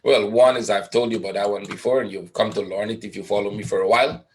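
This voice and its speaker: Man, low voice, trading webinar teacher, conversational, asks himself questions, desk mic. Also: fairly even intonation, fast talker, darkish tone. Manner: thinking aloud, asks and answers his own questions; conversational, frequent "right?" tags. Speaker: trading educator. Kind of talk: live webinar chart walkthrough.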